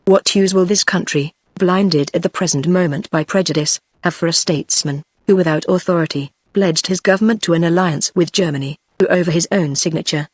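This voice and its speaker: A woman with a British accent, reading a classic novel aloud as a text-to-speech audiobook narrator in an even, steady way. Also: on the low side, fairly quick, few pauses, dry recording.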